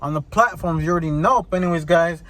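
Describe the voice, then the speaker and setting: A young man vlogging from his truck in an animated, slangy rant, swearing often and mimicking the people he complains about. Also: on the high side, fast talker. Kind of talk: casual vlog chat.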